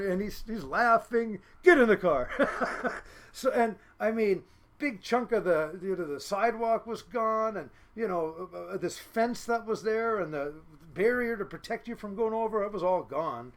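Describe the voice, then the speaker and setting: High-voiced man telling lively stories. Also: moderate pace. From Seattle, United States. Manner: lively, laughing anecdotes with many fillers. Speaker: podcast guest, fishing boat captain. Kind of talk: casual storytelling.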